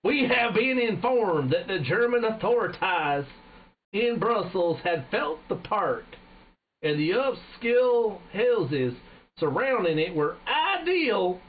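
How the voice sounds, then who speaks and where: A man voicing a stern older male general who is briefing his flyers, in a put-on British accent with slow, formal delivery. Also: high voice, sing-song, voice pushed up, exaggerated voice. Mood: grave. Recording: tinny phone-like line, faint hiss.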